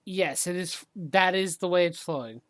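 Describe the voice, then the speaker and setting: A woman running a tabletop game over a call, counting out movement square by square in a calm, measured way. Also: lowish voice, dry recording. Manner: unhurried, counting squares aloud. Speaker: game master.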